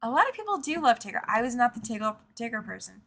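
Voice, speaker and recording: A chatty woman hosts a live-stream with a bright, slightly tense voice pitched a little high. She reads viewer comments aloud, laughs easily, and often trails off or repeats a phrase as she talks. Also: sing-song, fast talker. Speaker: host of a live quilting show. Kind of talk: casual live-stream chat.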